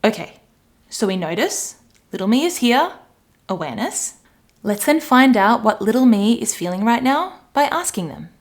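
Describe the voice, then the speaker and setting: A woman's voice: on the high side, sing-song, moderate pace. A woman, giving a chatty coaching talk and playfully acting out examples. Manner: warm-hearted, chatty, acts out voices playfully. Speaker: life coach. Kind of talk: solo coaching talk to camera.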